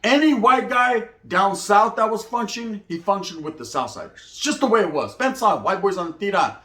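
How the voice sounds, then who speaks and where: A man telling prison stories in casual slang, animated, often acting out quoted voices. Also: high-pitched, a little fast. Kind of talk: casual storytelling monologue. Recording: echoey room.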